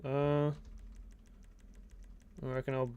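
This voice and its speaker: A man's voice: mid-range voice, completely flat delivery, slow, warm tone, clean tone, dull audio. A young Australian man with an Australian accent, rambling casually as he comments on his own gameplay on a stream. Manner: rambling, chatty, laid-back, self-talk while playing.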